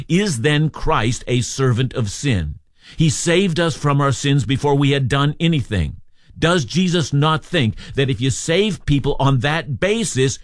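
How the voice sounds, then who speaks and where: A man's voice: medium pitch, dry recording, studio quality. A man preaching an expository sermon, emphatic and earnest as he explains a scripture passage. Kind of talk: sermon on a radio Bible program.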